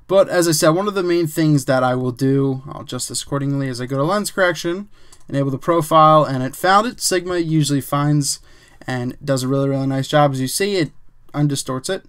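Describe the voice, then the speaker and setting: A man's voice: fairly high pitch, brisk, clear, resonant tone. A man casually teaching a photo editing technique step by step, thinking aloud with fillers and the odd "bam". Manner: relaxed, chatty, says "bam" and "um", thinks aloud while working. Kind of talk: casual screen-recorded tutorial.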